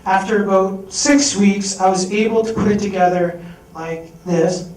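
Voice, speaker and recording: A young man speaking on stage at a fundraising event, telling a personal story in an earnest, animated way. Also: high-pitched, unhurried. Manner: earnest, animated storytelling with strong rises in volume. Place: event hall. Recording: roomy hall sound picked up from a distance.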